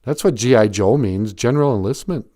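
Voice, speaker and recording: A man's voice: mid-range voice, a little fast, warm tone, no echo, studio quality. A man hosting a livestream, rambling through an improvised comic story. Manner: rambling, laughs at himself, reads chat comments. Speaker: comedic storyteller host. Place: home livestream.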